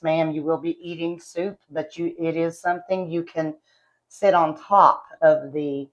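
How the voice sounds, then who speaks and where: A woman's voice: low-pitched, rough recording. Folksy Appalachian woman chatting to camera. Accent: Appalachian Southern US. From West Virginia, USA. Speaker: vlogger reviewing products. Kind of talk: casual chat to camera. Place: at home.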